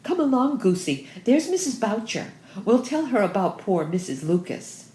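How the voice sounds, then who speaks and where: A woman reading aloud, voicing an excitable young woman who gushes and shouts shrilly. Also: moderate pace, lightly acted. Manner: shrill, gushing. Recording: roomy echo.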